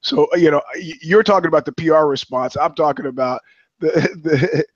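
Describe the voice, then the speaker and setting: A man's voice: on the high side, normal speed, no room sound, muffled recording. A middle-aged man co-hosting a podcast, rambling in casual chat with chuckles and restarts. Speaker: podcast co-host.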